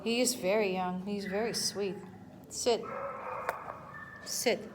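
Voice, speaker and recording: A woman's voice: mid-range voice, fairly even intonation, slow. A woman in casual chat, giving a dog short commands and cooing sweet baby talk at it. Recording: noisy room recording.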